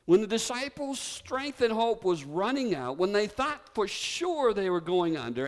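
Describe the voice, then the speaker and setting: A man preaching a sermon, telling a story with drama and leading the congregation to repeat words together. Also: high-pitched. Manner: animated storytelling preacher, leads congregation in call-and-response. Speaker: pastor. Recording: reverberant hall.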